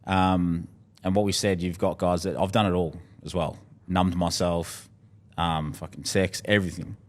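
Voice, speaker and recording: Australian male guest, very low voice, frank heartfelt storyteller who swears often. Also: little pitch movement, moderate pace. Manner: candid, heartfelt, swears freely. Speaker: podcast guest. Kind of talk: casual conversation.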